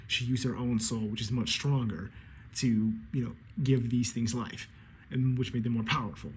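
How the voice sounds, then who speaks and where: A man giving an excitable, casual recap of a comic chapter, acting out the characters' lines and swearing freely. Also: mid-range voice, moderate pace, slight background noise. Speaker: anime commentator.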